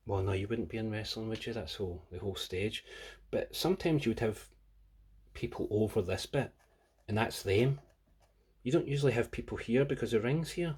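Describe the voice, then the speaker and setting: Scottish male reviewer, husky low voice, profane and ranting. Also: a little mellow. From Scotland. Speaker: comic book reviewer. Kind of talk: casual rambling review.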